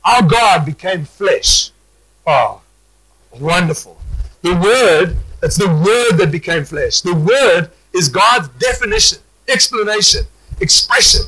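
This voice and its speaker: High bright-voiced preacher. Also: male voice, takes it slowly, husky, low-quality recording. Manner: animated, repetitive restarts, rising to shouts. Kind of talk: sermon.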